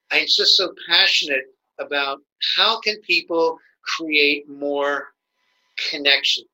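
In this conversational interview, the guest, a nonviolent communication educator, works through ideas haltingly, restarting often and performing the examples he quotes. He sounds a little high, bright and forceful, and the audio is poor.

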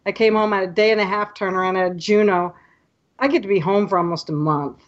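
Woman telling lively travel stories. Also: medium pitch, fast talker, highs cut off. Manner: lively storyteller, acts out quotes. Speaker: podcast guest, photography tour leader. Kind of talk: casual podcast chat.

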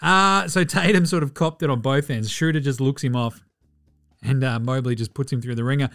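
A man's voice: mid-range voice, a little fast, fairly bright tone, faint music behind. A man with an Australian accent, hosting a casual sports podcast, swearing freely and joking through player stats. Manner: profane, joking, mimics players in asides. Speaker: podcast host.

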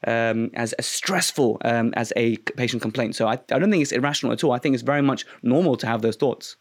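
A man hosting an interview, himself a dentist, talking in a quick, supportive, chatty way. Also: mid-range voice, fairly even intonation. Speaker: dentist host. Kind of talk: conversational interview.

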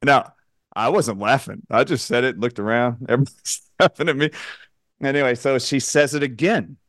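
A male radio host telling an animated anecdote, acting out the voices of the people in it, with a joking, outspoken manner. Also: mid-range voice, moderate pace, dry recording, studio quality. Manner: animated anecdote-teller who acts out quotes. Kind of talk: storytelling on a radio talk show.

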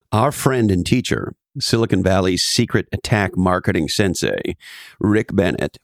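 A man's voice: on the low side, no echo, studio quality. A man delivering a scripted monologue as host, emphatic and wry, with sarcastic asides.

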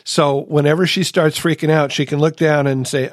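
A man's voice: on the high side, steady tone, normal speed, dry recording, clean studio sound. A man hosting a recovery podcast in casual chat, telling a personal story earnestly and asking rhetorical questions. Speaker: podcast host.

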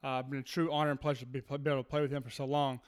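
A man in his thirties from Texas, a baseball pitcher telling stories as a guest in a casual interview, animated and swearing freely. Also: racing, smooth.

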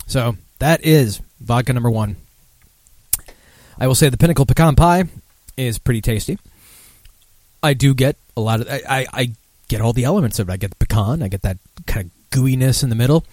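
A man's voice: medium pitch, darkish tone, no echo. A man hosting a casual drinking podcast, rambling and sardonic with lots of profanity. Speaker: podcast host.

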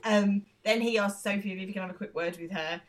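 A woman's voice: medium pitch, steady tone, a little hiss or hum. A woman co-hosting a podcast, casually recapping a TV episode and quoting the characters' lines as she goes. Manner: retells scenes with quick quoted lines and frequent laughs. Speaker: podcast co-host.

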